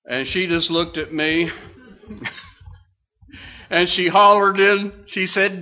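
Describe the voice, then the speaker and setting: Older guy preacher, slow folksy storytelling sermon, lo-fi dull sound. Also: a little high, fairly even intonation. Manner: folksy storyteller, drawn-out phrases, many fillers. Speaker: pastor.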